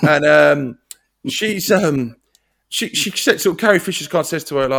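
A man's voice: on the high side, expressive, moderate pace, gravelly, a bit bright. Sweary man recapping a film. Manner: sweary, laughing, acts out film lines. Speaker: podcast co-host. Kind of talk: casual film chat.

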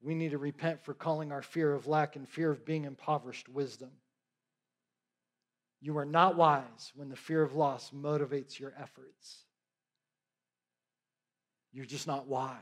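A man's voice: on the high side, fairly even intonation, unhurried, pauses often. A middle-aged male preacher giving a conversational sermon, with joking asides and frequent check-ins with his listeners.

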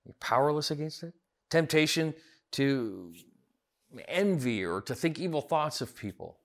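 A man's voice: a little high, animated, measured pace, vocal fry. Earnest man preaching a sermon. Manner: earnest, rising emphatic repetitions. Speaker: pastor.

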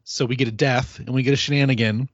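A man hosting a podcast in a casual, jokey chat, cursing freely. His voice sits at an ordinary middle pitch in a dry, close space. The audio is dull and a bit lo-fi. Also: fast, no echo. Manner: profane, animated, jokey. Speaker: podcast host.

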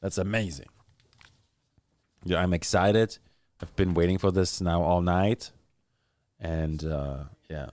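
A man's voice: sits low, fairly even intonation, unhurried, long pauses, a little mellow, dry recording. A man hosting a podcast, chatting in an upbeat, encouraging way with short fillers. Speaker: podcast host. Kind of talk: casual chat.

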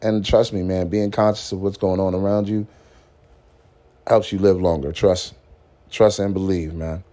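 A man hosts a casual motivational podcast in a low, warm voice with fairly even intonation, speaking at a normal speed with long pauses. Laid-back and slangy, he says "man" often, swears freely and laughs at his own stories.

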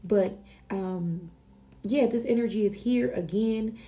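Gravelly dark-voiced woman giving a spiritual reading. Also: medium pitch, slow. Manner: earnest and exclamatory, with frequent restarts. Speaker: oracle card reader and podcast host. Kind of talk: channeled spiritual reading, casual and unscripted.

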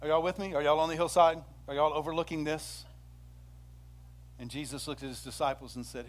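Man, pastor, sermon, slightly high voice, animated storytelling, church sanctuary. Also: brisk, a little hiss or hum. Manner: animated storytelling, acts out quoted speech.

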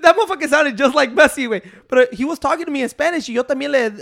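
Gravelly young man in casual profane chat. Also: very high voice, very fast, few pauses. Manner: rambling, profane, animated storytelling. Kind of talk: casual chat mixing English and Spanish.

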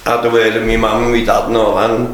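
A man's voice: on the low side, completely flat delivery, fast talker. A man, a former footballer, telling candid stories as a podcast guest, swearing constantly, laughing through them and tacking "mate" onto his sentences. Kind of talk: candid storytelling in casual chat. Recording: very echoey room.

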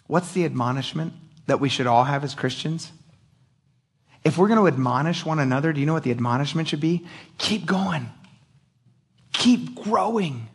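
Male pastor, middle-aged, casual sermon, high voice, animated, conversational. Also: slightly rough. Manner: conversational, animated, acts out quotes, laughs often.

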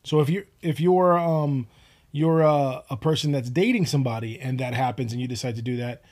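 A man's voice: medium pitch, darkish tone. A young man co-hosting a casual podcast chat, often breaking off and restarting as he makes his points. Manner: halting, restarts often while making a point. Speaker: podcast co-host.

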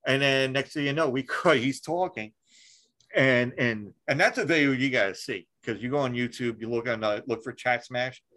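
A man's voice: mid-range voice, normal speed, bright, forceful tone, poor audio. Rambling swearing podcast host, man. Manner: rambling, swears freely, many fillers and restarts. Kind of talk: casual chat.

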